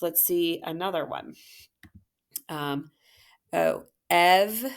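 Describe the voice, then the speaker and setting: Woman teacher, low gravelly voice, slow and patient, phonics walkthrough. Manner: patient, encouraging, sounds out words slowly.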